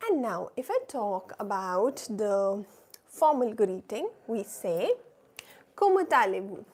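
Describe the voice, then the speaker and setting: A woman's voice: medium pitch, very animated, slow pace, mellow. A woman teaching a live beginner French class, patiently repeating phrases for learners to echo and checking in with "right?" and "oui?". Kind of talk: live online language class.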